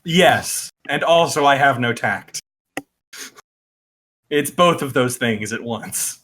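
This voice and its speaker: A man's voice: mid-range voice, lively intonation, takes it slowly, a bit bright. A man running a tabletop game as game master, narrating with chuckles and fillers.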